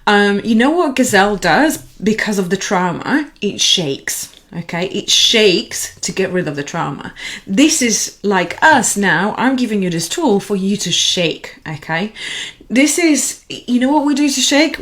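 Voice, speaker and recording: A woman talks viewers through handling emotions in an easygoing, animated way. Her pitch swings widely as she explains, with plenty of fillers along the way. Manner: animated, chatty, with frequent fillers. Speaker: emotional wellbeing coach. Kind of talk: casual teaching monologue.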